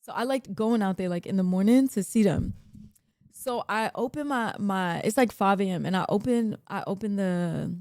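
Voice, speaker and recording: A woman with a New York accent telling a long, profane story in a casual, animated way, shouting out the lines she quotes. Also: medium pitch, moderate pace, no room sound, studio quality. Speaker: streamer.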